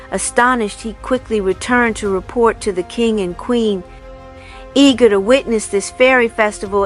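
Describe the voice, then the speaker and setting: A woman reading a fairy tale aloud in a measured, even way. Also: mid-range voice. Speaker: storyteller. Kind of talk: storybook reading.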